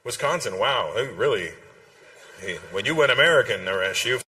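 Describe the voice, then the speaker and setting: Bright-voiced comedian on a big stage. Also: male voice, mid-range voice, animated, normal speed. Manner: teasing, chatty, swearing. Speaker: stand-up comedian. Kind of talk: stand-up crowd work. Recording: live hall reverb with faint noise.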